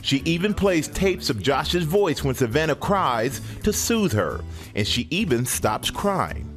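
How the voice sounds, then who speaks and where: A man hosting a live morning TV show and narrating a report, upbeat and animated. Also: a little high, unhurried. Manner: upbeat, animated, often laughing. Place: TV studio with live audience. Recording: studio with audience and music bed.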